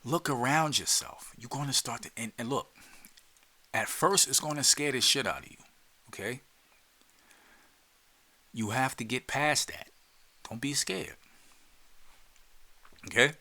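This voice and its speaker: Jersey-accented male podcast host, bright voice, streetwise coaching that slips into whispers. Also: mid-range voice, unhurried, long pauses. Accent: New Jersey. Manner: loose and streetwise, repeats words, drops into whispers. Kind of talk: casual guided instruction.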